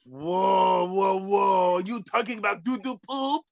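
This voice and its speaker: A man voicing a brash puppet wrestler who shouts his trash talk in a comedic wrestling promo. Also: high-pitched, slow pace, gravelly, no room sound, heavily acted. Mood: mocking.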